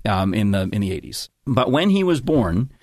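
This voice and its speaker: A man's voice: lowish voice, sing-song, normal speed, darkish tone, no echo. Rambling middle-aged man telling a story. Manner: rambling, self-interrupting storyteller. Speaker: guest telling a family story. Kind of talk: casual chat.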